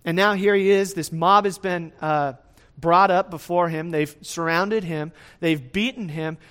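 Conversational male preacher, slightly higher voice. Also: smooth. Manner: conversational, often asks "right?" to the listeners; lively swings in loudness, speeds up and slows down. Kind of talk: sermon, verse-by-verse teaching.

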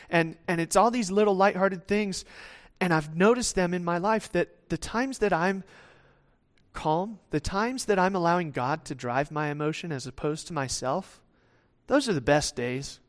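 A man's voice: high voice, normal speed, a bit bright. A man preaching a sermon in a conversational way, acting out the voices of people he quotes.

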